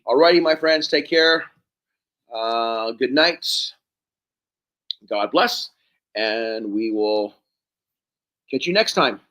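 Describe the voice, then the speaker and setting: A man hosting a live stream, hoarse from hours of talking, thanking viewers one by one by name. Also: mid-range voice, expressive, takes it slowly, pauses often. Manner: thanks viewers by name, rambling and warm-hearted. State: hoarse, losing his voice. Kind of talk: casual live stream chat.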